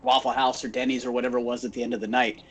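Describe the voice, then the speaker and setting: A man's voice: mid-range voice, racing. A man from Phoenix, Arizona, co-hosting a podcast and telling stories in casual chat, acting out the quotes as he goes. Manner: animated storyteller acting out quotes. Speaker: podcast co-host.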